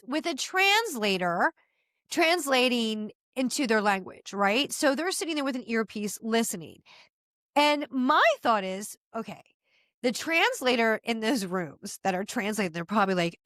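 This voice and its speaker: A middle-aged woman hosting a podcast, giving opinionated casual commentary in an animated, exasperated rant with frequent asides. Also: on the high side, moderate pace, dry recording, studio quality. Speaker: podcast host.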